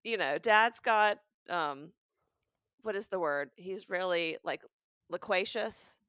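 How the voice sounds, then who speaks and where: A woman's voice: on the low side, slow pace, smooth, no room sound, clean studio sound. A woman in her forties, co-hosting a comedic podcast, tells a story in casual chat and acts out what people said. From American South. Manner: animated storytelling, acting out quotes. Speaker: podcast co-host.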